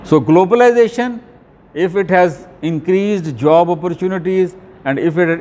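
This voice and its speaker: A male lecturer delivers an academic talk in a measured, halting way, often pausing on fillers and restarting phrases. His voice sits a little high for a man. The sound has a long hall reverb behind it. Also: a little mellow. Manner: deliberate, with frequent fillers and restarts.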